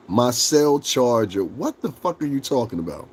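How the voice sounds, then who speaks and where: A man livestreaming casual chat with his viewers, joking, swearing and laughing often as he rambles and acts out quick bits. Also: mid-range voice, very animated, slightly rough. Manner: talks straight to chat, rambling with restarts.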